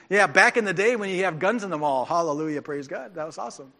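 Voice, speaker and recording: A man preaching a sermon as pastor, speaking in an animated, informal way with restarts and asides. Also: sits high, fairly quick. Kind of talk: conversational sermon.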